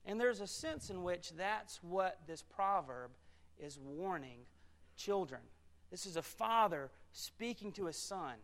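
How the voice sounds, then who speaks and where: Bright-voiced earnest preacher. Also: male voice, high voice, animated, unhurried. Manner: earnest, with frequent restarts. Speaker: pastor. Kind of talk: sermon.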